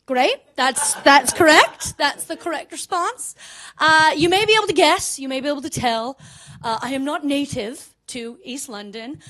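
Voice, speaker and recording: High-voiced Canadian woman doing stand-up. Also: fairly bright tone. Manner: chatty, self-mocking, keeps checking in with "right?". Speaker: stand-up comedian. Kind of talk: stand-up comedy set. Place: comedy club stage before a live audience.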